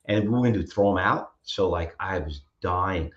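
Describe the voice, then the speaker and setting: A man co-hosting a trading show, telling rambling, animated stories in casual chat. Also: low-pitched, normal speed. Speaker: co-host. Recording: roomy, dull-sounding mic.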